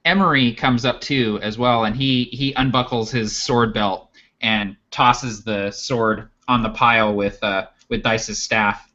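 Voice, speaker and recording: A man narrating as game master of a tabletop game in a relaxed storytelling way. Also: medium pitch, measured pace. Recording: dull lo-fi audio.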